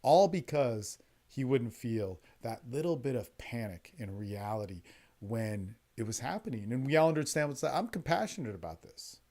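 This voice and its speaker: A man talks in a blunt, profane, casual monologue, rushing through a story with frequent restarts. His pitch sits in an ordinary middle range for a man. It was recorded over an online call. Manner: blunt, profane, animated, quick-talking storyteller with many restarts. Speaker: dating and men's development coach.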